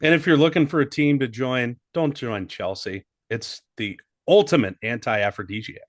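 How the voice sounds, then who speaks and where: Medium in pitch and moderate in pace, this co-host is heard on a dry recording. He riffs and jokes crudely on a casual comedy podcast, now and then mimicking an English accent.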